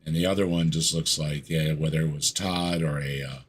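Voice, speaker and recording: A man as a podcast guest in casual chat, hesitant and quick to laugh. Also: very deep voice, fairly even intonation, husky.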